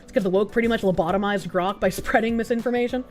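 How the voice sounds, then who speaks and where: An American woman with a Boston accent talks fast in a mid-range voice while streaming, with faint music behind her. She reads donation messages in casual chat, tossing in sarcastic, laughing asides.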